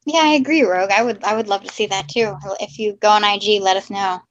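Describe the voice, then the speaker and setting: A woman's voice: medium pitch, quick pace. A woman co-hosting a casual live stream, friendly and agreeable, reading viewers' chat comments aloud. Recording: slightly dull lo-fi stream audio.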